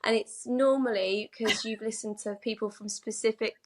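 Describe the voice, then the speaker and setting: A woman's voice: fairly high pitch, steady tone, normal speed. A woman from the UK, a podcast guest, talking in a chatty, giggly way with many fillers. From United Kingdom. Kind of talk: casual podcast conversation.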